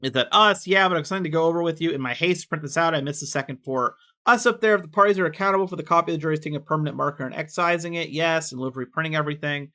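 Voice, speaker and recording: A man reading court records aloud with casual commentary, quick and offhand, dropping in personal asides. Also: a little high, pushed and bright.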